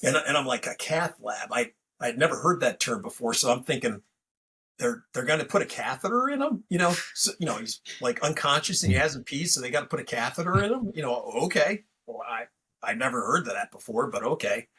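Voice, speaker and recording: A man's voice: mid-range voice, big pitch swings, fairly quick, sharp tone, husky. A man hosting a podcast, telling a story in a rambling, casual way full of fillers and restarts. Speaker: podcast host.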